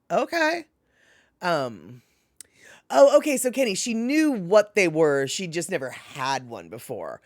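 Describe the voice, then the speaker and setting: A casual, talkative woman hosting a live stream and answering her chat. Her pitch swoops up and down as she rambles and laughs. The sound is dry, with no room echo. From Washington state. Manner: animated, chatty, laughs often, lots of fillers. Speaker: livestream host reading chat.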